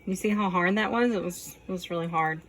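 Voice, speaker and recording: A home cooking vlogger with a lowish voice talks fairly quickly as she cooks. Chatty and folksy, she jokes with herself while food fries and sizzles noisily in her kitchen.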